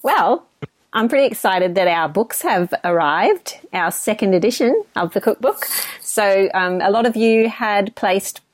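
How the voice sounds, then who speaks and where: A woman's voice: mid-range voice, expressive, unhurried, no echo. Bubbly laughing Australian woman. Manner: laughs often, bubbly and teasing. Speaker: podcast co-host. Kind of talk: casual chat.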